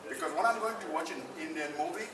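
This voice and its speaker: A man's voice: fairly high pitch, fast. Impassioned male actor in an echoey hall. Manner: impassioned, emphatic repetition. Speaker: actor on a debate panel. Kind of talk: panel debate. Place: conference room at a film festival. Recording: roomy, distant mic, noisy ambience.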